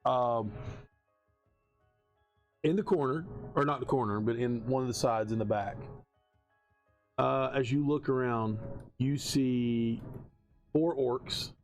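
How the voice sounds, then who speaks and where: A man narrating a tabletop game as game master, casual and halting, with many ums. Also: mid-range voice. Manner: casual, hesitant with many fillers.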